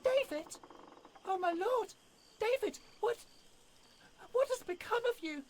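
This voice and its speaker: A man voicing a frightened, gentle woman of a manor in a shrill, pleading falsetto. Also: animated, takes it slowly, a little hiss or hum, exaggerated voice. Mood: distraught.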